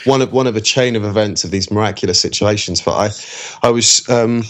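A man's voice: fairly low pitch, fairly quick, fairly bright tone. A man, an actor talking casually in an interview, rambling with many restarts. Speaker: actor guest.

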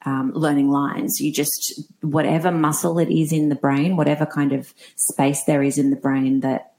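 A woman with a low voice talks in a loose podcast chat. Her humour is dry and self-mocking, and she tosses jokes in between her answers. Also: level tone, moderate pace, warm tone, a little hiss or hum. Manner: wry, self-mocking, jokey. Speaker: guest actor.

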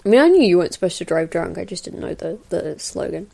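A woman's voice: fairly low pitch, expressive, quick pace, vocal fry, warm tone. A woman hosting a casual film commentary, chatting in a meandering way with lots of fillers and little laughs. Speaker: podcast host doing a film commentary. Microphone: new podcast mic.

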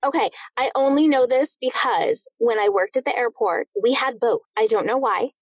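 Podcast co-host, woman with a fairly high voice, dry jokey asides, dull dead-dry sound. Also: moderate pace, no room sound. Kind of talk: casual chat.

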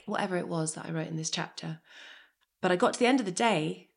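A creaky, low-leaning voice belongs to a woman in her thirties who talks fast as a guest in a conversation. She's open about her feelings, full of energy, and curses from time to time.

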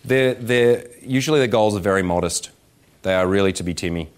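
This dating coach's workshop talk comes in a low-ish, fairly quick male voice, delivered live to about 160 people in an indoor event room. Profane and full of jokes, he animatedly slips into voices to play out scenes.

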